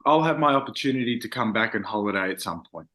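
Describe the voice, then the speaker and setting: A man's voice: on the low side, lively intonation, quick pace, pushed and bright. Earnest young male singer interviewed. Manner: earnest, reflective, frequent fillers. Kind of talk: casual interview chat.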